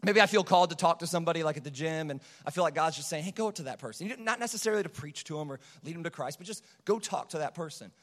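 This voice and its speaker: A man's voice: on the high side, expressive, very fast, hardly any pauses. A young man preaching a casual storytelling sermon, rambling and conversational with many fillers and restarts. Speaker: pastor. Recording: long hall reverb.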